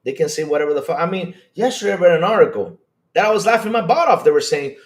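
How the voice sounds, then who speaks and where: Animated man hosting a gaming stream. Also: a little high, fast. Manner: animated and rambling, swears when worked up. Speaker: podcast host reading live chat. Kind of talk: casual livestream chat.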